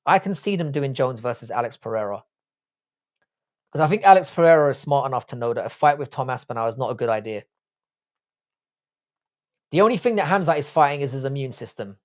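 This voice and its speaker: Blunt, swearing Irish-born livestream host. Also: male voice, medium pitch. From Ireland. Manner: blunt, profane, chatty. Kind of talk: casual live chat reading comments.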